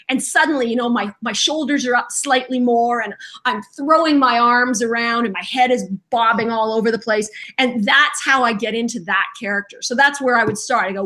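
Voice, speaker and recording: Bright, animated woman voice actress. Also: a little high, a little fast. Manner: animated storyteller, acts out quotes. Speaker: voice actress guest. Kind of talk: casual interview chat.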